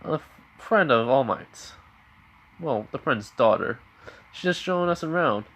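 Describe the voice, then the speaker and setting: A man's voice: medium pitch, animated, a little slow, a bit bright. A man voicing an easygoing teenage boy hero who talks in an offhand, conversational way, barely shifting from his own voice.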